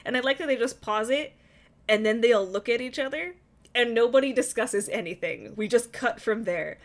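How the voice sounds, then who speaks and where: Chatty woman, slightly higher voice. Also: normal speed. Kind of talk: casual chat.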